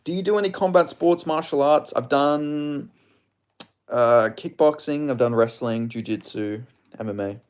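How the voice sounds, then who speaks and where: A man's voice: on the high side, measured pace, clear, resonant tone. A man hosting a casual live stream, rambling as he answers chat questions about fighters.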